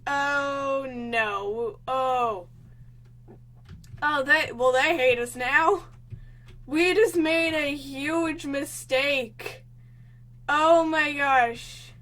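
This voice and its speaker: A young woman talks through a video game, her voice high and bright. She takes her time between lines, then breaks into gasps and panicked cries as things go wrong. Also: drawn-out words, long pauses. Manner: excitable, gasping, panicky exclamations. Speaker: gaming channel host. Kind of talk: let's play commentary.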